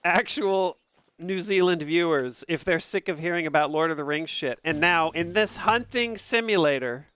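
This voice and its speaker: A man casually commentating a game stream from an upstairs room at home, excitable and profane, laughing often. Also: on the high side, normal speed, clean tone.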